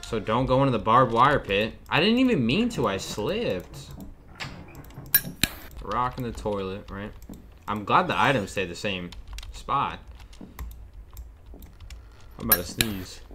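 A man's voice: on the low side, big pitch swings, unhurried, pauses often, noisy background. A young man nervously commenting to viewers while playing a horror game. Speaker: gaming streamer. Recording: keyboard and mouse clicks behind the voice.

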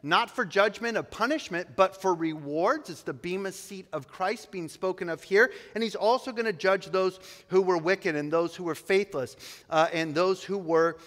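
High-voiced pastor preaching in reverb. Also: male voice, normal speed, fairly bright tone. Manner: expository preaching, reading scripture aloud. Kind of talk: sermon. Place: church sanctuary. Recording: long reverb of a church hall.

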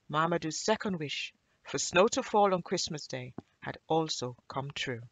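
Expressive woman reading a children's story. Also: low-pitched, moderate pace, few pauses, no echo.

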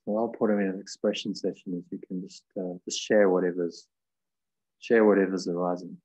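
Meditation teacher, male, lower register, gentle and unhurried, video call. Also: steady tone, low-quality recording. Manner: gentle, unhurried, thinking aloud with fillers. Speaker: meditation course leader.

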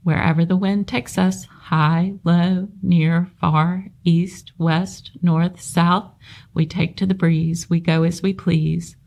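A woman's voice: fairly low pitch, level tone, slow pace, darkish tone. Woman voicing tiny sensible baby spiders. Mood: confident. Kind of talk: storybook reading aloud.

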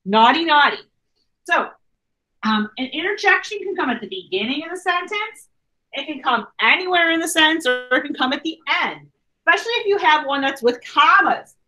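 A woman teacher runs a grammar lesson for her students over a video call. Her voice sits high and bright, and she talks in a chatty way, often checking in with an okay. She is heard through a computer mic. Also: lively intonation, normal speed. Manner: chatty, repeats okay a lot. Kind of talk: online class lesson.

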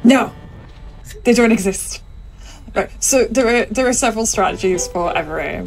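A woman's voice: medium pitch, animated, normal speed, creaky, low-quality recording. A woman who is sick, chatting through her live speedrun with a loose, laughing manner and lots of ums. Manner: chatty, laughs often, thinks aloud with many ums. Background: game music.

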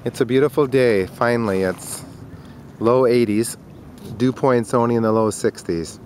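A man narrating a casual home video outdoors in a riverside park, chatting in a rambling way and calling to his dog in a high voice, recorded on a handheld camcorder. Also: moderate pace, darkish tone. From Minnesota. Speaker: dog owner filming outdoors. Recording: faint outdoor noise.

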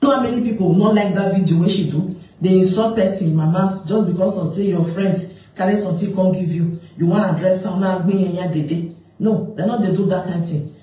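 A man's voice: high-pitched, a little fast, mellow. A man with a Nigerian accent, making an aggrieved complaint on a live video. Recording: echoey and distant from the mic.

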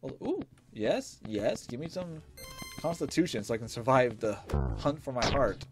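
Excitable man doing let's-play commentary. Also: mid-range voice, moderate pace. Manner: excitable, jokey, talks to the game characters. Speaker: gaming video host. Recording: faint music behind.

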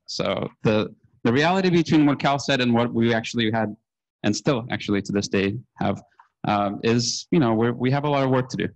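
A man's voice: medium pitch, fairly quick, highs cut off. Laid-back man giving a conference talk. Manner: relaxed, anecdotal, many ums and uhs. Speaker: conference speaker. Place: conference stage.

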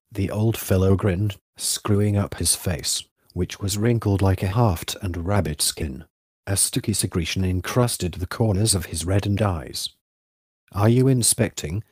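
A man narrating a literary novel as an audiobook in a measured, even way. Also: low voice, dry recording, studio quality.

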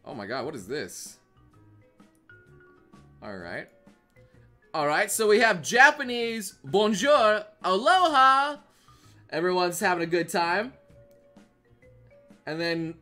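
A man from the United States giving excitable livestream reaction commentary, stammering through restarts and swearing crudely. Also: high voice, takes it slowly, long pauses, faint music behind. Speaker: streamer.

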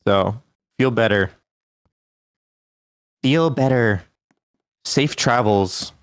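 A man's voice: medium pitch, drawn-out words, clean tone, no echo, studio quality. A young man chatting and teasing as co-streamer during a casual game stream. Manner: teasing and playful. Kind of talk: casual gaming chat.

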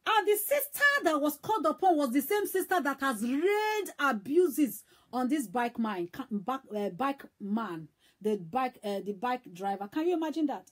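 A woman evangelist preaching in a high voice. She is emphatic and repeats herself, one moment loud and the next almost hushed. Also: sing-song, normal speed. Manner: emphatic, repetitive, swings between loud and hushed. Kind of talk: sermon.

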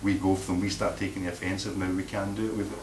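A man's voice: sits low, level tone, fast talker. A man giving a blunt, combative informal talk to a live audience at a meeting, often repeating words as he searches for them. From Scotland. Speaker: meeting speaker. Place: meeting room. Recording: echoey room from far off, faint noise.

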